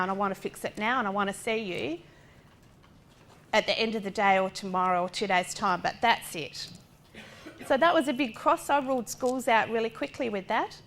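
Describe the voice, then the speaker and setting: A woman's voice: a little high, slight background noise. A middle-aged woman gives a lecture talk as a parent of a child with a disability. She speaks directly, asks rhetorical questions and acts out what other people said. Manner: animated, acting out other people's lines. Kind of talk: lecture talk drawn from personal experience.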